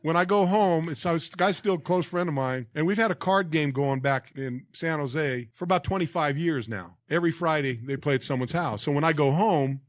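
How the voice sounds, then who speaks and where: A man's voice: fairly high pitch, brisk, hardly any pauses, no room sound, studio quality. A man in his sixties, a guest on a podcast, telling anecdotes with acted quotes and lots of restarts. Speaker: guest, former football player. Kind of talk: casual storytelling interview.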